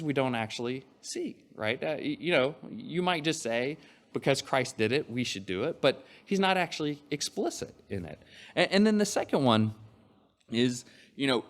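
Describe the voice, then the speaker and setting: A man preaching a sermon, reading scripture aloud and explaining it in a conversational way, with frequent fillers and restarts. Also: medium pitch.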